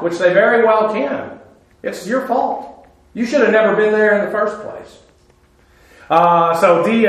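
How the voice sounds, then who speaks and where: A man's voice: high-pitched, fairly bright tone. A man preaching a conversational Bible-teaching sermon, informal, with filler "uh"s and dry sarcastic asides. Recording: very echoey room.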